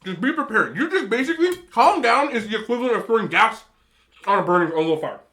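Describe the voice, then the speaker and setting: A man in his thirties eating on camera, giving emphatic, animated relationship advice to other men and telling stories in a casual chat. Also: high voice, quick pace. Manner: storytelling with repeated disapproving hums. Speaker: mukbang vlogger.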